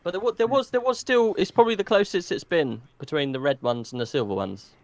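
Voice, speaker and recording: A man co-hosting a casual podcast who jokes and teases. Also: on the high side. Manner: joking, quick to tease. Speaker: podcast co-host. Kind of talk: casual chat.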